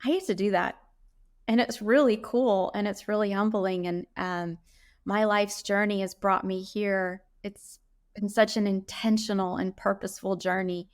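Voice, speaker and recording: A middle-aged woman answers interview questions about her faith in an earnest, heartfelt way. She speaks at a moderate, ordinary pitch and often stops to gather her thoughts with a soft "um". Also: steady tone. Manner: earnest, heartfelt, with frequent "um" pauses.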